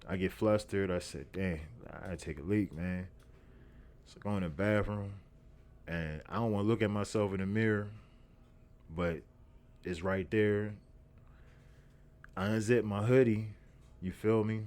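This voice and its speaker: A man's voice: lowish voice, fairly even intonation, unhurried, pauses often, a little mellow. A young man, hosting a podcast and telling a story in a profane, repetitive, streetwise way. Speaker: podcast host. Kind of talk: casual storytelling monologue.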